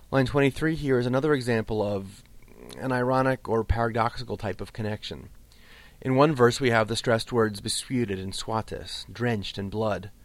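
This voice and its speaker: A man teaching a lesson on Old English poetry, explaining patiently and slowing right down to recite the verse. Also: on the low side, no room sound. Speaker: literature teacher.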